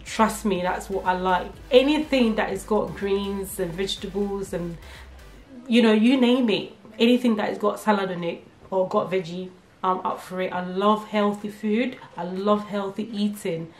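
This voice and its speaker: A woman's voice: medium pitch, moderate pace. Chatty young woman vlogger, echoey room. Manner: chatty and candid, laughs often, many fillers; nervous talking about herself. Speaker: beauty vlogger. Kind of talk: casual get-to-know-me Q&A. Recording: echoey room with faint music.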